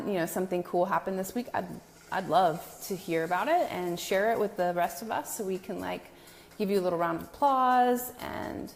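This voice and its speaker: A woman's voice: on the low side, creaky. A woman hosting a casual live stream from her home, greeting viewers by name in a chatty, self-deprecating way. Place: new home with a brick wall, indoors.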